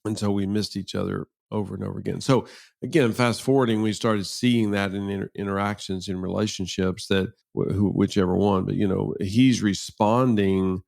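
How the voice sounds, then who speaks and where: A man with a fairly low, gravelly voice tells a story as a podcast guest. He is wry and animated, and he acts out bits of dialogue along the way. The recording is dry and close. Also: moderate pace, no echo. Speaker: podcast guest, relationship author.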